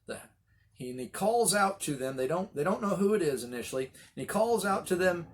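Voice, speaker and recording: A middle-aged man leading a Bible study, telling the story with animated voices for the quoted lines. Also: high voice, a little fast, slight background noise. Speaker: pastor.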